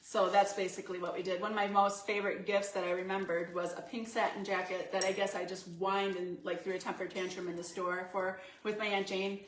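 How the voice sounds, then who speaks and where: A woman co-hosting a casual home talk show, chatty and quick to laugh. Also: medium pitch, flat delivery, slight background noise. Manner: giggly, chatty. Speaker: co-host. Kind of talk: casual chat. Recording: echoey room, mic at a distance.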